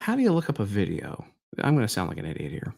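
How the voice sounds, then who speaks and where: Male livestream host, animated and incredulous, pitch swinging widely. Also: fast talker, vocal fry. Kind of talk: live-stream commentary.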